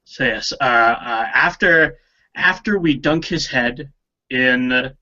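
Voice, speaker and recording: A man playing a tabletop game who talks slowly and hesitantly, with many fillers. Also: medium pitch, bright, forceful tone, dull audio. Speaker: player.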